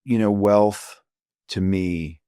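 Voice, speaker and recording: Low, earnest man reflecting slowly. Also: fairly even intonation, mellow, clear, resonant tone, dry recording, studio quality. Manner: halting, searching for words, many fillers; earnest and emotional. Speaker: physician guest. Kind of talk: reflective interview conversation.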